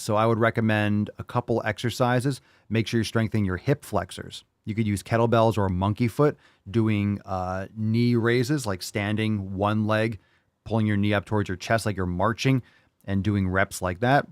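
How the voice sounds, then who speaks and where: Brash, profane fitness podcast host. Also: male voice, fairly low pitch, smooth, dry recording, studio quality. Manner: brash, joking, profane, enthusiastic. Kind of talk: casual podcast chat and training advice.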